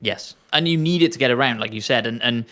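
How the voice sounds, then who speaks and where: A man's voice: mid-range voice, fast talker, sharp tone. A man co-hosting a casual podcast chat, agreeable and enthusiastic as he builds on his co-host's points. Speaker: podcast co-host.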